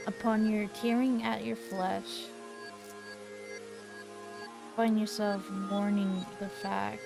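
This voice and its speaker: A woman in her twenties reading a text game aloud while she plays, with small slips and quick self-corrections. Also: medium pitch, creaky. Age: 20s. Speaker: gaming video creator.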